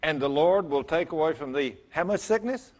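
A middle-aged man preaching a sermon as pastor, telling stories with self-mocking humor and rising to loud emphatic bursts. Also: a little high, animated, moderate pace.

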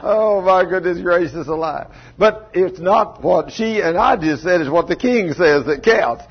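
A pastor with a high-pitched, lively, somewhat breathy voice preaches a folksy sermon at a slightly slow pace, often chuckling and calling out congregation members by name. The church recording is dull and lo-fi.

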